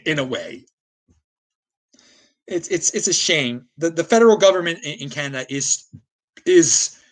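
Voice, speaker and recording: An American man with a slightly high, somewhat bright voice hosts a livestream, ranting heatedly as he reacts to viewer chat. He's combative and keeps stammering and restarting his sentences.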